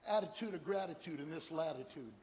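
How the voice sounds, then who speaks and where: An older man giving a humorous motivational keynote speech, animated storytelling and rhyming slogans. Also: on the high side, fast talker. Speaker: keynote speaker. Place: large hall with an audience. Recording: echoey hall, faint noise.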